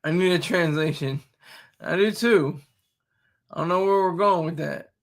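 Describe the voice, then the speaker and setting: A man's voice: high voice, normal speed. A man in his thirties hosting a casual live stream, talking in a blunt, rambling and opinionated way. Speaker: streamer host.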